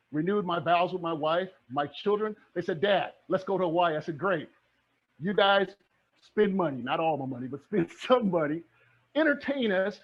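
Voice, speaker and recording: A middle-aged man giving an energetic motivational talk on real estate investing, asking his audience rhetorical questions. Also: high voice, slightly rough, muffled recording. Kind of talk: motivational online presentation.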